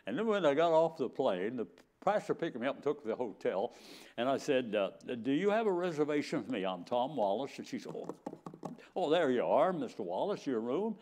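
Brief: older male preacher, folksy storyteller, animated voice, quoted dialogue acted out. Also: mid-range voice, fairly quick. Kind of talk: sermon storytelling.

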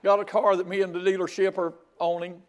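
An older man preaching a sermon, telling a folksy story with loud outbursts. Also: high-pitched, flat delivery, a little fast, clean tone. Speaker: pastor.

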